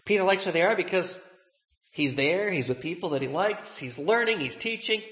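A man preaching a sermon as a pastor, earnest, slowing down to stress key words. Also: high voice, lively intonation. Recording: tinny, echoey hall.

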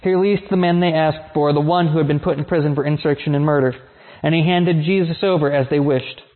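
A man giving a measured, solemn liturgical scripture reading. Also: on the high side, steady tone. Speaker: scripture reader. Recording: tinny phone-like sound.

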